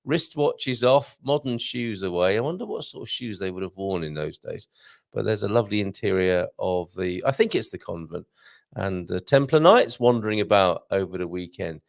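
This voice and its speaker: A man hosts a live show in a chatty, jokey way, reading viewer comments aloud and tossing in asides. His voice is fairly low and expressive with some vocal fry, delivered at a moderate pace in a clean studio recording with no room sound.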